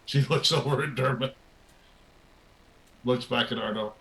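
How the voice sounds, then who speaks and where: A man's voice: mid-range voice, measured pace, fairly bright tone, low-quality recording. A man narrating a tabletop role-playing game as its game master. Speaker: dungeon master.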